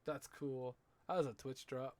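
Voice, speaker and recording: A man's voice: medium pitch, fairly even intonation, a little slow, a little mellow. A man streaming a game in casual commentary, chatting playfully to the characters on screen with lots of little exclamations.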